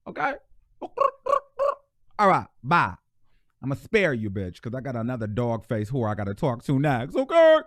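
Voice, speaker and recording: On a clean studio recording with no echo, this man's medium-pitched, slightly bright voice has lively intonation at normal speed. As host of a live gossip show, he delivers sassy, blunt, mock-preaching commentary.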